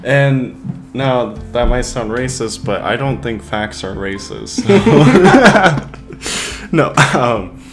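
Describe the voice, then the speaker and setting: A man's voice: mid-range voice, lively intonation, extremely slow. A young man in casual chat as co-host, joking crudely and laughing often. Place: hot room. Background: guitar music.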